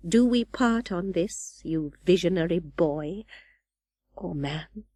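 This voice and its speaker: A woman's voice: lowish voice, expressive, slow pace, warm tone, no room sound, clean studio sound. A woman voicing a cold, proud young woman who answers with unmoved composure, in an audiobook. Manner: cool, composed, detached. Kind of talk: audiobook dialogue.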